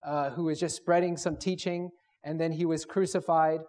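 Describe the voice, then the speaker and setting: Male preacher, higher-pitched, emphatic, repetitive student-meeting sermon. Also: flat delivery, moderate pace, a little mellow. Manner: emphatic, repetitive, builds phrases; leads group to read aloud together.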